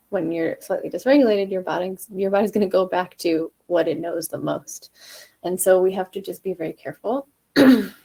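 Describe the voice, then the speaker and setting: A woman vocal coach leading a live online singing lesson, switching between calm explanation and loud, short staccato "ha" exercises that leap high into head voice. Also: gravelly, slightly rough. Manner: relaxed explaining with chuckles and fillers.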